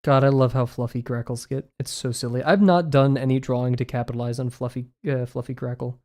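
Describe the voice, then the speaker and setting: A man's voice: medium pitch, steady tone, brisk, a little mellow. A young man streaming as he draws, chatting casually in a rambling, amused way and often correcting himself. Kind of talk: casual chat while drawing on stream.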